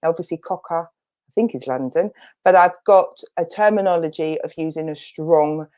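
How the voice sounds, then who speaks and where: A woman's voice: low-pitched, moderate pace, warm tone. A woman with an Essex accent, a spiritualist medium giving a chatty spirit reading in an online church service, thinking aloud as she relays messages.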